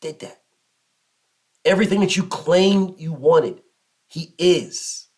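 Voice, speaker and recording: Male host, slightly high voice, emphatic and repetitive commentary rant. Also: takes it slowly. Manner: emphatic, repetitive, mocks others in low put-on voices. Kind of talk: passionate solo commentary rant.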